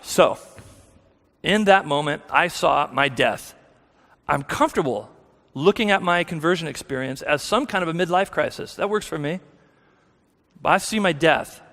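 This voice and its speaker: A man's voice: a little high, animated, normal speed, long pauses, a bit bright. A man with a slightly raised voice tells his conversion story from the front of a church. He talks candidly and mocks himself, often breaking off and restarting his sentences. A long hall reverb trails behind every phrase. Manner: candid, self-deprecating storytelling with frequent restarts. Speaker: guest speaker. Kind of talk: personal testimony talk. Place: church sanctuary.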